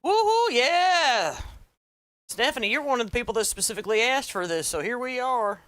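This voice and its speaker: A woman's voice: on the high side, fast, a bit bright, no room sound. A woman with a Southern American accent hosting a casual livestream craft tutorial, chatting and greeting viewers by name. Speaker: livestream host, wreath maker.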